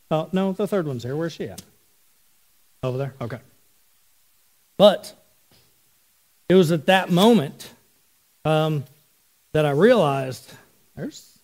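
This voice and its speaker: A man's voice: on the high side, a little mellow. A middle-aged man, a pastor, preaching a sermon and telling stories in a conversational way, talking directly with his congregation.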